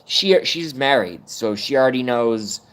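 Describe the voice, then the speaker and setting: A man's voice: mid-range voice, lively intonation, unhurried, fairly bright tone. A middle-aged man ranting casually on a livestream, rambling and swearing while chatting with viewers. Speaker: livestream host.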